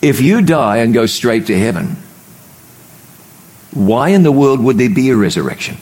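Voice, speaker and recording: A middle-aged man preaching a sermon, emphatic, slowing down and pausing to stress key words. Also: mid-range voice, sing-song, a little mellow.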